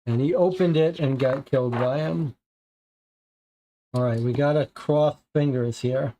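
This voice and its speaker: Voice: mid-range voice, unhurried, dark tone, dull audio, slight background noise. Player musing through a detective board game. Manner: thinking aloud, musing.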